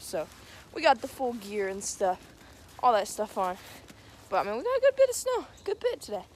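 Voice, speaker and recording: A young woman in her late teens from Atlanta, vlogging casually and excitably as she talks to her camera, often giggling. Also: fairly high pitch, slight background noise. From Atlanta, Georgia. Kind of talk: casual vlog. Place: outdoors in snow and in a car.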